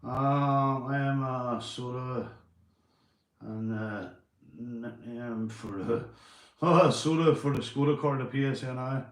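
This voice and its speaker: A chatty Northern Irish man live-streams casually from home in an echoey room, swearing and giving shout-outs to viewers. His medium-pitched voice stays steady, and he takes it slowly.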